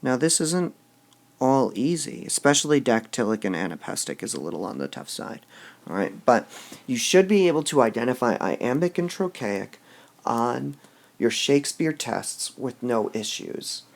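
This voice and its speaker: A man teaching a class, slow and deliberate, stressing syllables aloud as he goes through lines of verse. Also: mid-range voice, very animated. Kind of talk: classroom lecture on poetic meter.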